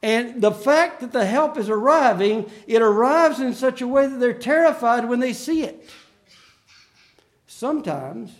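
A man preaching a sermon in an earnest, emphatic way, slowing down to stress key phrases. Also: very high voice, expressive.

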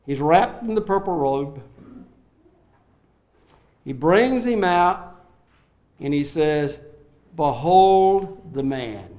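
A man preaching an expository sermon, acting out the quoted lines with swings in loudness and slowing down on key phrases. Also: fairly high pitch, animated. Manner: dramatic, acts out the quoted lines with sharp rises and drops in loudness.

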